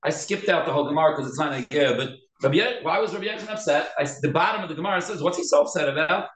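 A man teaching a Talmud class, animated and quick, with many restarts. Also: fairly high pitch. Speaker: Torah teacher. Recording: echoey room.

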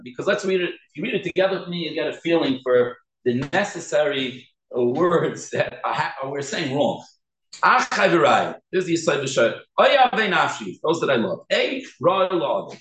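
A man's voice: on the high side, fairly bright tone, reverberant, poor audio. A man teaching a Torah class to a group, earnest, often repeating and restarting his words as he stresses how to pronounce them.

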